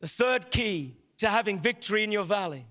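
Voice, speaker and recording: A man preaching a sermon in a large church hall, impassioned, with rising shouts. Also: sits high, lively intonation, brisk. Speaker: guest pastor.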